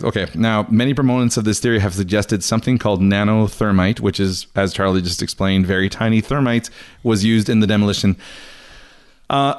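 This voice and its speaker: A young man hosting a podcast, chatting casually, laughing often and reading out articles. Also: on the low side. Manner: chatty, laughs often, reads quotes in a mock voice. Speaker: podcast host.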